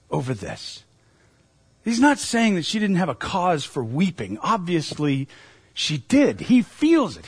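A man's voice: high voice, breathy edge, dry recording. A man preaching a sermon as a pastor, earnest and emphatic, asking his listeners questions.

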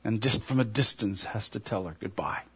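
A man preaching a sermon, earnestly retelling an imagined story and dropping to a hush at its emotional moments. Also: fairly low pitch, moderate pace, breathy edge. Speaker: pastor.

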